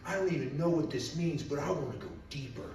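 A man preaching a fervent sermon from a distance in a very echoey church hall, his voice ringing off the walls. He moves between soft, reflective passages and loud, pleading calls in prayer. A faint hum of the room sits behind him. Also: on the high side, fast. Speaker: guest preacher. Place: church sanctuary.

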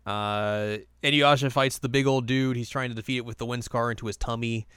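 A man co-hosting a casual chat, recapping episodes in a playful way with quick silly voices. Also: mid-range voice, fairly even intonation, a bit bright, clean tone, dry recording, clean studio sound. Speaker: podcast co-host recapping an anime.

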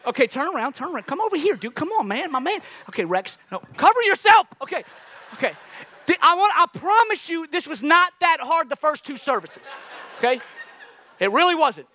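High, bright-voiced preacher man. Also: a little fast. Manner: animated, joking with the congregation. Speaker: pastor. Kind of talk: sermon. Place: church.

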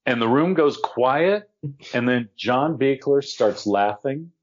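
A man's voice: medium pitch, slow pace, muffled recording. A man casually telling a story about his acting career, acting out the other people's lines. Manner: animated, acts out quotes of others.

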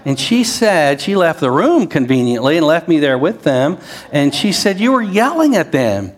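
Pastor guy, middle-aged, chatty sermon that swings up high when he pushes a point, slightly higher voice. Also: big pitch swings, normal speed. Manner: conversational preaching with asides and rising emphasis.

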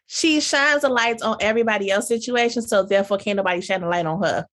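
A woman's voice: medium pitch, fast, fairly bright tone. A woman co-hosting a podcast, blunt and sassy in casual chat. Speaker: podcast co-host.

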